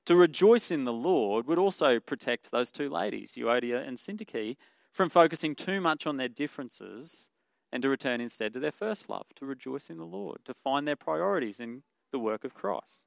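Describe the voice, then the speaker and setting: Male pastor, mid-pitched, earnest conversational sermon with fillers and self-corrections; dry close recording. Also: animated, normal speed, vocal fry, no room sound.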